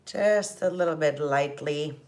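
Slow, low-voiced woman hosting a cooking stream. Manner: gentle, chatty, laughs often. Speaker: cooking show host. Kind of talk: casual cooking chat with viewers.

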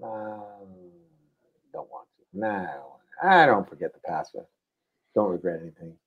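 A laid-back man with a lowish voice who teases his co-host in easy banter. He talks like a working realtor making calls. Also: sing-song, a little slow, vocal fry, slightly rough, phone-quality sound. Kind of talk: casual chat and cold calling.

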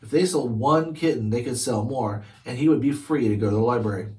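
A man's voice: medium pitch, a little fast. Man reading a chapter book aloud. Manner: steady storytelling narration. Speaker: read-aloud host. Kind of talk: children's book read-aloud.

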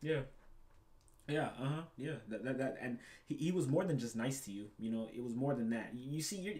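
A man's voice: mid-range voice, animated, a little fast, a little mellow. A young man hosting a reaction video, ranting casually and profanely, repeating himself and calling the listener bro.

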